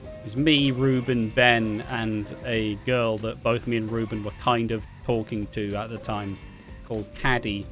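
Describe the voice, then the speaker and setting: A man's voice: on the low side, flat delivery, measured pace, fairly bright tone, faint music behind. A young man with a Welsh accent telling rambling, sweary anecdotes, laughing as he goes. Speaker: vlogger. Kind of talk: casual storytelling.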